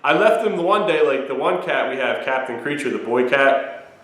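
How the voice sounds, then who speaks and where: Young dad host, rambling and laughing, swears a lot, very echoey room. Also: male voice, mid-range voice, lively intonation, moderate pace, a bit bright. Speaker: host, new father. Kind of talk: casual family phone chat.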